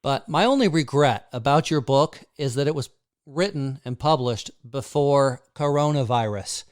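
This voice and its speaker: A man hosting an interview, asking measured and hesitant questions full of pauses. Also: medium pitch, dry recording, studio quality. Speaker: podcast host, interviewer. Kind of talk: conversational interview.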